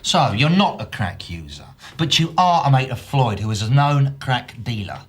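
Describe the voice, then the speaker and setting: A man's voice: mid-range voice, sing-song, moderate pace, slightly rough. An actor playing a male police detective who questions a suspect with sardonic, probing remarks.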